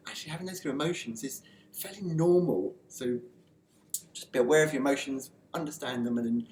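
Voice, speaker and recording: A man delivers a personal development lesson in a relaxed, conversational way, often restarting his sentences. His voice sits at an ordinary middle pitch. The recording has a noticeable room echo and a faint hum of ambience underneath. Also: brisk. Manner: loose and conversational, frequent fillers and restarts. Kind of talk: motivational talk to camera.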